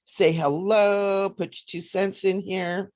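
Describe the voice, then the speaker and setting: A woman hosting a casual psychic livestream, chatty and animated, often laughing as she reads cards. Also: medium pitch, slow. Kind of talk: casual livestream chat with card readings.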